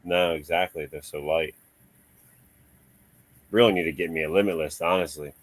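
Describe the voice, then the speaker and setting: Laid-back low-voiced man chatting. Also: steady tone, moderate pace. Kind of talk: casual chat.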